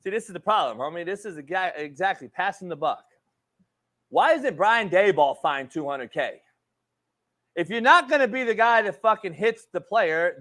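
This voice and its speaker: A man's voice: high voice, fairly bright tone. A man hosting a sports talk show, ranting profanely and calling people homie. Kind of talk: heated sports debate.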